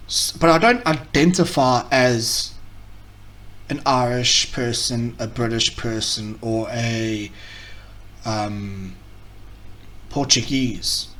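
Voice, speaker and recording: A man's voice: mid-range voice, steady tone, takes it slowly, fairly bright tone, distant mic, slight background noise. A man hosting a casual reaction video, rambling, correcting himself mid-sentence and mocking what he reacts to.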